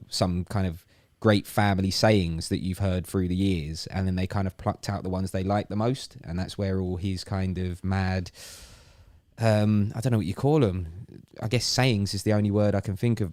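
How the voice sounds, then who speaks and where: A man co-hosting a casual podcast chat, rambling and animated, often repeating words as he gets going. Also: deep voice, dry recording, studio quality. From United Kingdom. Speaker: podcast co-host. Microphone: studio podcast mic.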